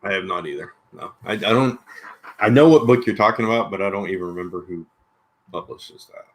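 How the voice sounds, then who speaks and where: Low-voiced man, casual podcast co-host. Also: brisk. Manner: rambling, hesitant, full of "you know". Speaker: comic book podcast co-host. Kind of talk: casual livestream chat.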